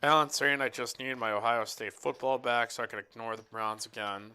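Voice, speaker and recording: A man's voice: fairly low pitch, steady tone, a little fast, bright, forceful tone, clean tone. A man commenting live on a poker final table, rambling about football and reading viewer chat in a joking, casual way. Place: card room commentary booth.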